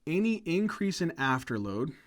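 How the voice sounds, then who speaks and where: A man giving a medical lecture, energetic and conversational, often asking questions and checking in with "right?". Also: fairly high pitch, moderate pace. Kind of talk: whiteboard lecture.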